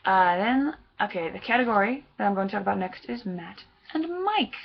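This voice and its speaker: A young woman chats to her camera in an excited, rambling, gushing way. Her voice has a noticeable gravelly fry at mid pitch. The sound is dull and lo-fi, like a cheap home camera. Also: moderate pace. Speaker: fan vlogger. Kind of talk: casual chat recounting a concert meet-up.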